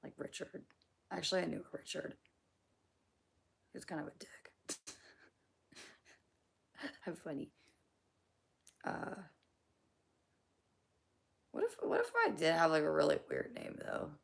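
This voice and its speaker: Hoarse low-voiced young woman streaming. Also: sing-song, a little slow, long pauses. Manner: rambling, swearing, slangy, laughing at her own jokes. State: hoarse, losing her voice. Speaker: livestream host answering chat. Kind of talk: casual livestream chat.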